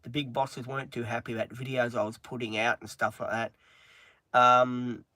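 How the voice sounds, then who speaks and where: A man chatting on a livestream in a halting, earnest way, with many pauses and restarts, openly upset. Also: medium pitch, flat delivery, pushed and bright, no echo. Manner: halting, frequent ums and restarts. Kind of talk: casual livestream chat.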